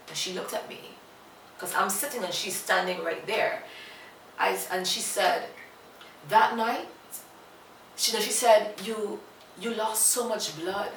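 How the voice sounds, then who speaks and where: A woman's voice: medium pitch, vocal fry, fairly bright tone. A young woman earnestly recounting a personal story, repeating phrases and acting out both sides of a conversation. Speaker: vlogger telling a personal story. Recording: echoey room, voice a bit far from the mic, faint noise.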